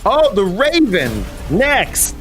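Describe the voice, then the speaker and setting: Male panelist, brash and animated, a little high, lively pitch. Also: very slow, over music. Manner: loud, animated, blunt. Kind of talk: comedic hot takes.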